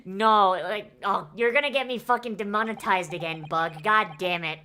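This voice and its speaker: A woman's voice: medium pitch, moderate pace, pushed and bright, slight background noise. A woman streaming a mystery game, reading characters aloud and breaking off into profane, sardonic asides. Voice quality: swears freely, sardonic. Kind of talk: let's-play with character voices and profane asides.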